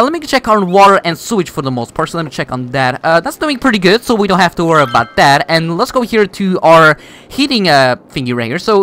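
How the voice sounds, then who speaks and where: A man's voice: sits high, fairly bright tone, slight background noise. A man giving casual gameplay commentary, rambling with many fillers and restarts while he builds. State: voice cracks. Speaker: gaming YouTuber.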